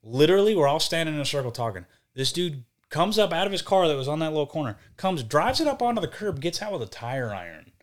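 Profane, animated young man telling a story. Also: fairly high pitch, quick pace, hardly any pauses. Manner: profane, animated, acts out quotes. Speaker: podcast guest, band vocalist. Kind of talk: casual storytelling.

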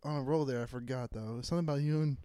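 A man's voice: medium pitch, steady tone, racing, warm tone, smooth, no room sound, studio quality. A young man co-hosting a podcast, joking around in crude casual banter and laughing often. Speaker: podcast co-host.

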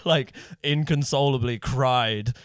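Man, podcast guest comedian, casual storytelling, animated, laughing, swearing, smooth voice, dry close sound. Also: medium pitch, slow pace, no echo.

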